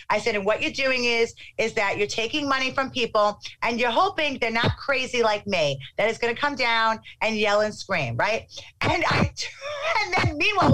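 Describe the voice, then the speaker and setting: A middle-aged woman telling a casual anecdote in an animated way, acting out what people said. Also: a little high, slight background noise, rough recording. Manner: animated, acts out quotes.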